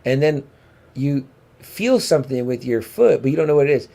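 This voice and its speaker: A man's voice: mid-range voice, animated, moderate pace, creaky, mellow. A man co-hosting a comic book podcast, enthusiastic and profane, often checking in with his partner. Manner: enthusiastic, keeps checking in with "right?". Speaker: podcast co-host. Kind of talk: casual comic book discussion.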